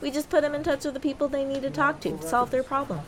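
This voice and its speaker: A woman's voice: high voice, fairly even intonation, fast, music in the background, pitched above the performer's own voice, close to an everyday voice. A woman playing a sassy female customer service agent with sugary phone politeness. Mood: gossipy.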